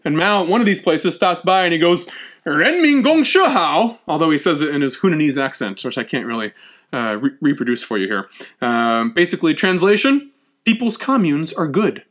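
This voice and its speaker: High-voiced animated male lecturer. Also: brisk. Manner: animated, acts out quotes, frequent restarts. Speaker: history lecturer.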